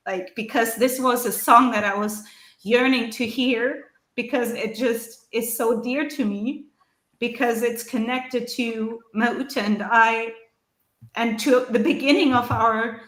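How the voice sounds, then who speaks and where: A woman's voice: fairly high pitch, steady tone, a little slow. A woman from Germany, telling a heartfelt personal story in conversation, earnest and searching, with frequent ums and restarts. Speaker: ceremony practitioner sharing experiences. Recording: roomy echo.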